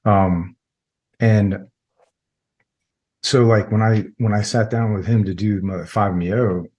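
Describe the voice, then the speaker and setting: A man's voice: on the low side, fairly even intonation, a little slow, a little mellow, dull audio. A middle-aged man, a military veteran, telling a personal story as a podcast guest in a rambling, casual way full of filler words.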